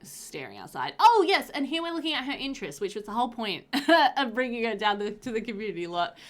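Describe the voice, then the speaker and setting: A woman's voice: on the high side, big pitch swings, fast talker. Chatty woman narrating a life-sim game. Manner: chatty and rambling, bubbly. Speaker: gaming video creator. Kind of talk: casual game commentary voiceover. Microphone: voiceover recorded after gameplay.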